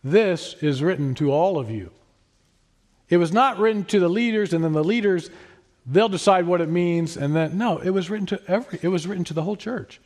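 A man preaching a sermon in an earnest, emphatic way, rising to stress his points and then dropping soft. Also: sits high, expressive, a little fast. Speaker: pastor.

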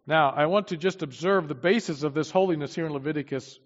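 A man's voice: fast, few pauses. Emphatic male preacher in a reverberant hall. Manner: emphatic, swings from loud declarations to low asides. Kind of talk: sermon. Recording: dull, long-reverb hall sound.

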